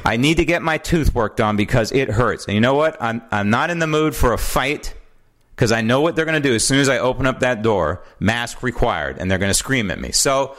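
A man's voice: medium pitch, expressive, fairly quick, fairly bright tone. Indignant American man ranting on air. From United States. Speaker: talk show host. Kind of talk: political commentary monologue. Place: home studio. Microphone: studio mic with old headphones.

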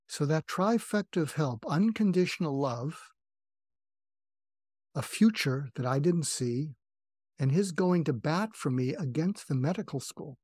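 Older male psychiatrist guest, New England origin, earnest and reflective storyteller, slightly high pitch, dead dry mic. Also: a little mellow, husky, no room sound. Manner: earnest, reflective, self-revealing. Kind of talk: candid personal storytelling.

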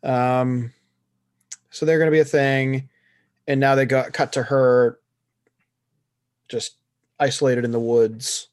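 A man's voice: mid-range voice, level tone, takes it slowly, pauses often, darkish tone, dry recording. Blunt, sarcastic man, dry sound. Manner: blunt, sarcastic, swears casually. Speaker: podcast co-host. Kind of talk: casual chat reviewing a series.

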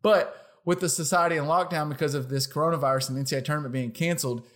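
Casual podcast guy, kinda high voice, rambly and laughing a lot. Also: very fast, a bit bright. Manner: chatty, rambling, laughs often. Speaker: podcast co-host. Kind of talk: casual chat.

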